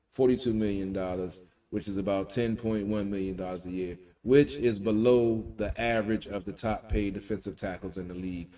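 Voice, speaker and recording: A man's voice: fairly low pitch, dark tone, recorded from a distance. A man co-hosting a casual talk radio show, breaking down football news in an emphatic, slangy way.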